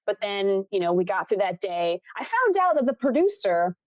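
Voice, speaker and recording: Speaking at a normal pace in a sing-song, medium-pitched voice, a young film assistant director from Buffalo, New York shares a story during a relaxed interview. She frequently laughs and imitates those she quotes; the recording is dry and sounds dull.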